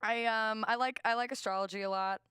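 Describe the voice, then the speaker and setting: A young woman from the American South doing a stand-up set, deadpan and self-mocking, chuckling between jokes. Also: fairly high pitch, brisk, noisy background. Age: young adult. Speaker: stand-up comedian.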